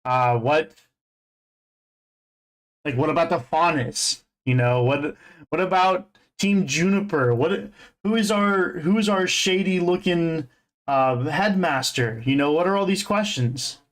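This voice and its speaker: High-voiced man rambling about a show. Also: unhurried. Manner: rambling, full of fillers and restarts. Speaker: host. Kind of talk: casual fan commentary.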